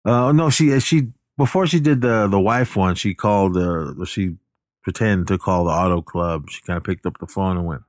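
Smooth low-voiced man rambling through a story. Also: normal speed, no room sound, clean studio sound. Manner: rambling, backtracks and corrects himself often; acts out the characters' lines in passing. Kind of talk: casual retelling of a film plot.

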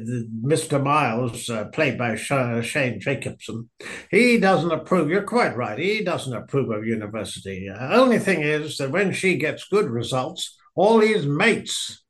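A man's voice: medium pitch, fairly bright tone. A man reviewing a film in casual chat, wry and rambling, with frequent hesitations.

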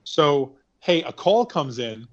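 A man's voice: a little high, big pitch swings, slow pace, dull audio. A man casually recapping a film, rambling and sarcastic, swearing freely. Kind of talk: casual movie recap chat.

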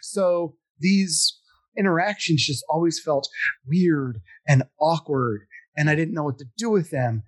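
A man's voice: on the high side, measured pace, no room sound. Self-deprecating man telling theater stories. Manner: self-deprecating, animated, acts out quoted voices. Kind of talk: casual storytelling chat.

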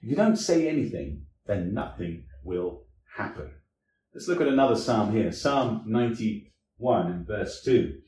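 A man's voice: on the low side, expressive, unhurried, darkish tone, echoey room, a little hiss or hum. A man preaching a sermon as an evangelist, with emphatic delivery that rises and drops in sweeping waves.

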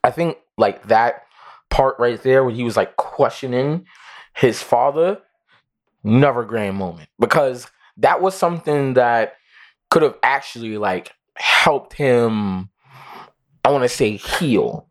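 A man co-hosting a podcast in casual chat, joking and drifting into slow reflective asides. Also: medium pitch, expressive. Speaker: podcast co-host.

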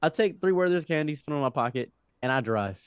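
A man's voice: a little high, fast talker, clean tone, dry recording, highs cut off. A man in his twenties, a podcast guest, telling a rambling story with lots of restarts. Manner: animated, rambling, frequent restarts. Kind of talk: casual storytelling.

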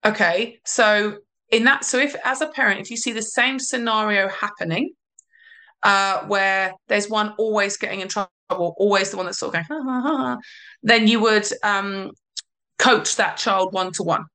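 A woman, a parenting coach giving advice in a podcast interview, explaining calmly with emphatic repeats. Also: medium pitch, moderate pace.

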